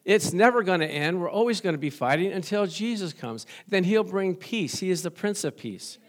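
Middle-aged male pastor, high voice, folksy, jokey sermon delivery with amen call-outs. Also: lively intonation, normal speed. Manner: folksy, joking, asks the congregation for amens.

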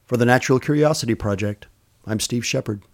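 A man reading his own short story aloud with measured, expressive storytelling as a podcast host. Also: medium pitch. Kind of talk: scripted story narration.

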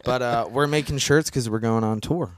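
A man guesting on a casual podcast, talking about his band's tour in a laid-back, halting way with lots of fillers. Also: mid-range voice, dry recording, clean studio sound. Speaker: touring band member, guest. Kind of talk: casual chat.

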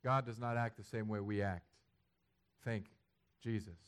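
A man preaching a sermon, acting out imagined prayers and building to loud, emphatic passages. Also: fairly even intonation, measured pace, clean tone. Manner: rises to loud, high-pitched emphatic passages; acts out imagined prayers and quotes. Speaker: pastor.

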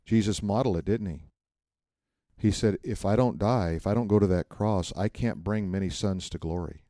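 Animated man teaching a church class. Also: lowish voice, moderate pace, no room sound, studio quality. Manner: animated storytelling, acts out quotes, asks the room questions. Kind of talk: conversational sermon.

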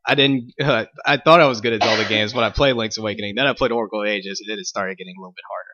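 A man's voice: fairly low pitch, steady tone, racing, lo-fi sound, background noise. Podcast guest guy, laid back, lots of uhs, little chuckles. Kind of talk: casual chat.

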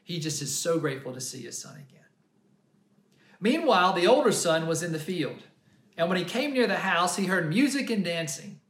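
A male pastor delivers a sermon in an earnest, storytelling way, often restarting his phrases. His voice sits high for a man. The sound carries a noticeable roomy echo. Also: big pitch swings, moderate pace, fairly bright tone.

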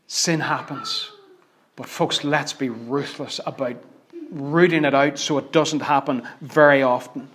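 A man preaching a sermon. He swings from loud, emphatic declarations to hushed, almost whispered asides. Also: medium pitch, steady tone, unhurried.

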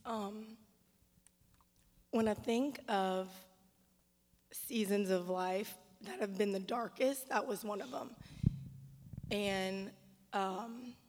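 A woman giving a quiet, reflective personal testimony at a church service. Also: mid-range voice. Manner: soft, reflective, halting speech. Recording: long hall reverb.

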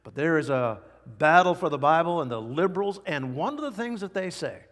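A man preaches from the pulpit with a voice sitting a little high for a man. He drives his points home with sudden loud, high bursts, then drops low and quiet. The sound rings on in a long church-hall reverb. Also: very animated, fairly quick. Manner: emphatic preaching with sudden swings in pitch and volume. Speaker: pastor. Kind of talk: sermon. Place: church sanctuary.

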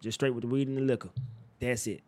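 A young man co-hosting a casual chat, animated and profane with loud outbursts, sounding tired. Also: mid-range voice, fast. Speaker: podcast co-host.

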